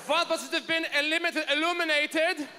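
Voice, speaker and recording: A male stand-up comedian telling stories punchily and shouting his punchlines on a festival stage. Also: extremely high pitch, steady tone, fairly quick, a loud crowd. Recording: reverberant hall stage with faint noise.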